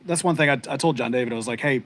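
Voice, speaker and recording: A man's voice: medium pitch, racing, a bit bright. A middle-aged man, co-hosting a podcast and chatting casually with viewers in a rambling, heartfelt way, full of fillers and restarts. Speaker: podcast co-host. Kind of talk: casual live-stream chat with viewers.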